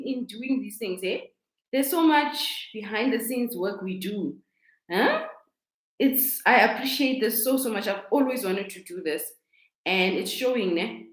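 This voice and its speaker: A chatty woman with a South African accent, hosting a casual live stream as a coach and talking into a laptop microphone. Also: medium pitch. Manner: chatty, repeats herself, greets viewers warmly. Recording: echoey room.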